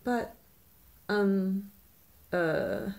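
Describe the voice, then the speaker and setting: A woman's voice: medium pitch, extremely slow, gravelly, a little mellow. A woman reading a children's picture book aloud in a playful way, slipping into small voices and silly laughs.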